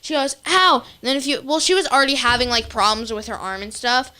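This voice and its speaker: A woman's voice: on the high side, quick pace, bright, forceful tone, smooth. Chatty teenage girl telling stories. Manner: chatty storyteller, lots of fillers and laughs. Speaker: co-host. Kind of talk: casual chat.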